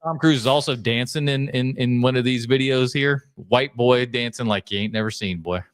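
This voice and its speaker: A man's voice: medium pitch, normal speed, over loud music, over a noisy crowd. A man hosting a podcast in casual chat, reacting to video clips with jokes and rambling stories. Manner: joking, riffing storyteller. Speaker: podcast host.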